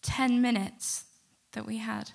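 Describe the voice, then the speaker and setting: A middle-aged woman telling a personal story to a live audience, animated and acting out the quotes. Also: on the high side, slow, gravelly. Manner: lively, animated retelling with acted-out quotes. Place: stage before a live audience.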